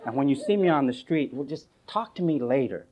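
A male pastor preaching a sermon in a sarcastic, mocking storytelling manner, swinging from loud outbursts to low asides. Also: expressive, a little fast, some chatter behind.

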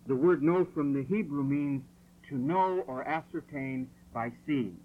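A man preaching a sermon in a church hall, insistent and forceful, driving points home through repetition. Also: fairly high pitch, unhurried, phone-quality sound, a little hiss or hum. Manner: forceful, insistent, repeats phrases for emphasis.

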